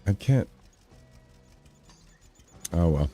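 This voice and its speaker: A man's voice: sits low, animated, extremely slow, dark tone, no echo, faint music behind. A man chatting casually to his live chat while playing a farming game, rambling and easygoing. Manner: laid-back, rambling, talks to chat. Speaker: streamer.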